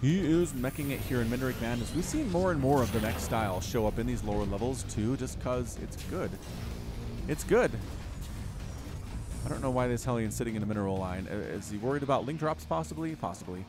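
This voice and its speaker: A man's voice: medium pitch, animated, brisk, over music. A man giving solo play-by-play commentary on a strategy game match, chatty and rambling, with self-deprecating jokes.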